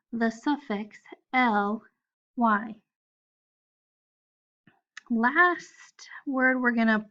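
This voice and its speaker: Slow, patient woman teaching first graders. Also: on the high side, sharp tone, dull audio. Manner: slow, patient, spells out letters one by one. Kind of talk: recorded phonics lesson for children.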